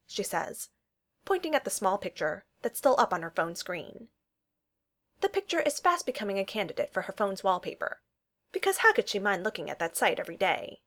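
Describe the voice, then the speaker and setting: Casting: woman storyteller, lively intonation, reading fiction aloud. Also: medium pitch, a little fast.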